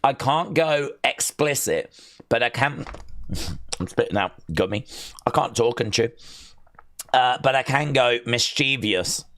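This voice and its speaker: A man's voice: mid-range voice, slow, pauses often, sharp tone. A man hosting a casual livestream, rambling and joking as he reads text aloud to himself. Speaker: livestream host.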